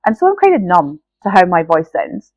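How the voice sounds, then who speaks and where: A Scottish woman hosts a solo podcast in a fairly low voice with huge pitch swings, speaking fairly quickly; the recording has no room sound and its highs are cut off. Nasal from a cold, she's earnest and encouraging, talking right to the listener and often tagging on "right?"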